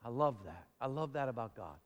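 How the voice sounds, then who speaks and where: A man preaching a lively sermon, calling out to the congregation for amens and acting out short scenes as he goes. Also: mid-range voice, fairly quick, big-room sound, muffled recording. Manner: animated, call-and-response preaching. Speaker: pastor.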